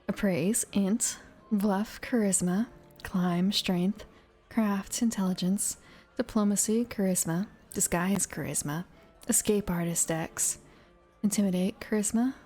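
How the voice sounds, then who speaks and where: A woman softly reading game rules aloud in an ASMR whisper, musing to herself between passages. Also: mid-range voice. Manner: soft, musing asides between rule text. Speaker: ASMR reader. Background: faint ambient music.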